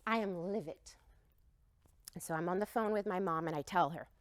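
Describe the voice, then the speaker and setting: A woman giving an expressive, emphatic talk, telling a heartfelt personal story to an audience. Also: lowish voice, moderate pace. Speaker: speaker.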